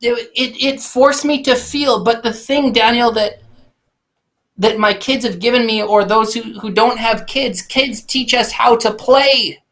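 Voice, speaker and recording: A man's voice: very high voice, a little slow, a bit bright. A man in his forties, a podcast guest and keynote speaker, talking earnestly and reflectively with frequent restarts. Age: 40s. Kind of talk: candid conversational storytelling.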